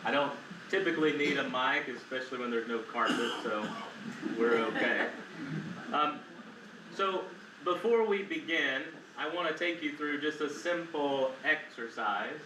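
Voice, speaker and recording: A man, a chaplain, gently guiding a group through a breathing exercise, calm and lightly joking. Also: medium pitch, unhurried. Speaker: chaplain and guest speaker. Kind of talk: guided breathing exercise and talk. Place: church hall, without a mic. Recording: echoey hall with noise.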